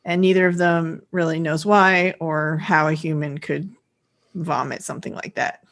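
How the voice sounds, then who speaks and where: A woman's voice: low-pitched, fairly even intonation, normal speed, a bit bright. A woman co-hosting a podcast, casually retelling a TV episode scene by scene and laughing now and then. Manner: retells scenes with acted-out quotes, laughs often. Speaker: podcast co-host. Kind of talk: casual episode recap chat.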